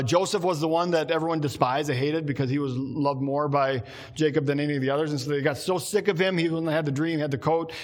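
Man, pastor, sermon, animated, higher-pitched voice. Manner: animated, acts out quoted complaints in a lower voice.

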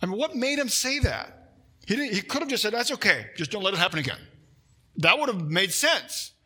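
A male pastor preaching with a bright, forceful edge to his voice. He swings from loud, pressing emphasis down to hushed, intimate lines as he tells a story from the pulpit. His voice sits a little higher than most men's. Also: sing-song, a little fast, slightly rough. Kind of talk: sermon.

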